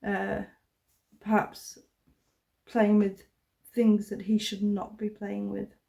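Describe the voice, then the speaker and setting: A woman's voice: mid-range voice, completely flat delivery, slow pace, creaky, dark tone. A woman hosting an online video, talking casually and rambling, with many fillers, asides and some swearing. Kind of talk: casual commentary to camera.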